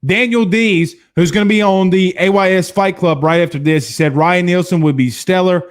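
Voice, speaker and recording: A man in his thirties from Louisiana hosting a casual sports stream, reading viewer comments and telling stories in a blunt, animated way. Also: high-pitched, normal speed. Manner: animated storyteller, hums drum beats, blunt. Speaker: sports show host.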